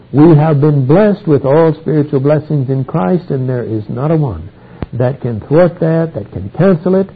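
A man with a husky voice teaching through a Bible passage verse by verse, reading each verse aloud and then explaining it. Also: fairly high pitch. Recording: tinny phone-like old recording.

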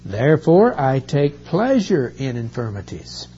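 A man preaching a sermon, reading Bible verses and explaining them earnestly, often drawing out key words slowly. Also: mid-range voice, warm tone. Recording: dull recording with faint hum.

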